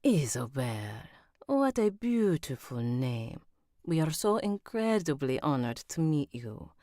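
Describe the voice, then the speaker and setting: A woman voicing a gracious middle-aged mother, with a soft Spanish-accented manner of speaking. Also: deep voice, very animated, slow pace, dry recording, studio quality, full character voice. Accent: Spanish-accented English, attempted.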